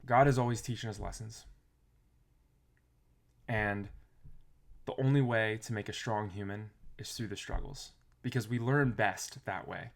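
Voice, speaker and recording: A man talking casually to camera in a motivational vlog, reflective and rambling, with restarts and soft trailing phrases. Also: lowish voice, fairly even intonation, unhurried, creaky, long pauses. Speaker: motivational vlogger.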